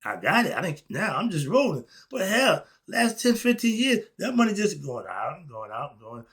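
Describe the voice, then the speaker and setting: An older man talking casually and emphatically in a monologue, with laughing asides, swinging between loud and soft. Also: sits high, sing-song, normal speed, husky. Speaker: commentator.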